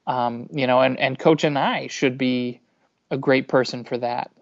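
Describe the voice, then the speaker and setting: A man's voice: medium pitch, fairly even intonation, a little slow, creaky, no room sound. A man with a Boston accent co-hosting a casual sports podcast, chatty and hesitant. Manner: hesitant, chatty, laughs easily. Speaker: podcast co-host. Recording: dry dull lo-fi audio.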